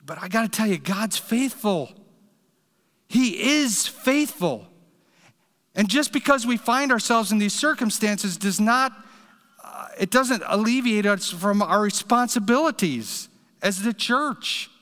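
A man's voice: high-pitched, normal speed, pushed and bright, long reverb tail. A man preaching a sermon, telling a story in an earnest, direct way. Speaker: pastor.

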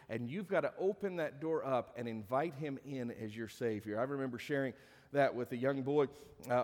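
A man's voice: medium pitch, darkish tone, big-room sound. A middle-aged male pastor preaching a conversational sermon to a congregation, with dry joking asides. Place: church sanctuary.

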